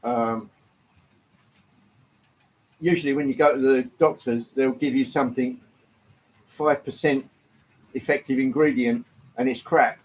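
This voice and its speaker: A man's voice: medium pitch, fairly even intonation, measured pace, long pauses, poor audio. Chatty English man with a London touch. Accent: English, slight London. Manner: chatty, greets viewers by name, swears lightly, laughs often. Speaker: livestream host. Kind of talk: casual live-stream chat.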